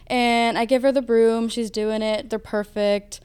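A woman's voice: on the high side, little pitch movement, unhurried, hardly any pauses, a little mellow, clean tone. A young woman working as a theme park custodian, telling upbeat stories in a casual interview. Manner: upbeat storytelling.

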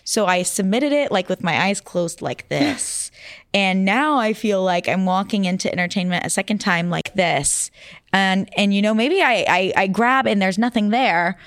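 A young adult woman, a guest in a casual interview, telling stories in an animated way and laughing often. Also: medium pitch, normal speed, dry recording, clean studio sound.

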